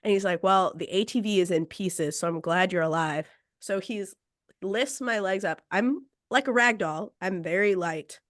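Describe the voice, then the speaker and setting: A woman's voice: mid-range voice, moderate pace, no room sound, clean studio sound. A woman podcast host casually telling a story, acting out quotes and laughing between lines.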